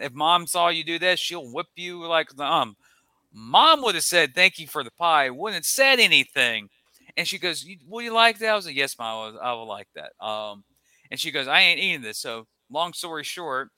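A man's voice: mid-range voice, clear, resonant tone, dry recording. A man co-hosting a sports podcast, chatting casually and acting out his family's lines as he tells a story. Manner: animated storyteller, acts out family members' lines. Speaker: podcast co-host. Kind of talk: casual chat.

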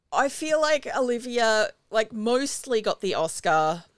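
A podcast host recaps a film in a casual, chatty way, full of enthusiasm and acting out the quotes. Her voice is a little high and fairly bright, with a slight hiss or hum in the recording.

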